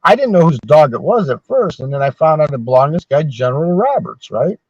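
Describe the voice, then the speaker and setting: A man's voice: on the high side, very animated, a little fast, dry recording. A man in his sixties telling long, swear-filled anecdotes in casual chat as a podcast host. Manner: profane, rambling anecdotes. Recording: dull, dry sound.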